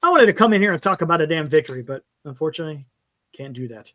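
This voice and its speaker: Racing and animated, a fan podcast host with a slightly high, pushed, bright voice rambles frankly through a casual postgame show. Reading the stats, he keeps tripping over players' names.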